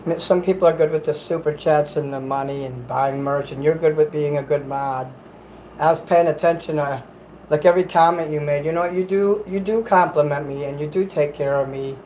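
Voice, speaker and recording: Guy livestreaming while eating, kinda high voice, swears a lot, says sorry a lot, faint hum in the room. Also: fairly even intonation, brisk, dull audio. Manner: rambling, apologetic, swears casually. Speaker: livestream host reading chat.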